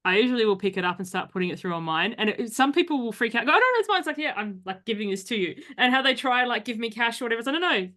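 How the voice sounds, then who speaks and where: A woman hosting a podcast interview, talking casually with quick asides and frequent laughter. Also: a little high, sharp tone. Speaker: podcast host.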